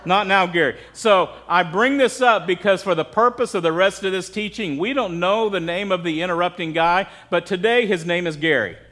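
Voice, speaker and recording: American male pastor, high pitch, casual preaching, keeps asking the room "right?". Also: normal speed, hardly any pauses, a bit bright. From United States. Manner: conversational, asks the crowd "right?" often. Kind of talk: sermon.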